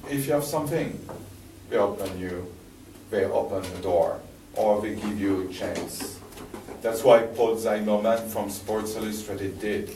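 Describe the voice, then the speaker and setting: A man's voice: lowish voice, slight background noise. French-accented man, roomy distant recording. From France. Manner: animated storytelling with halting restarts and fillers. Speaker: speaker giving a presentation. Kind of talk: live talk to an audience. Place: library event room.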